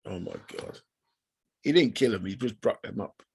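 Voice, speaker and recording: Teasing man with a lively, bouncy voice. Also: on the low side, normal speed, gravelly, husky. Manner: teasing, pushy, playful. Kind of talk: casual chat.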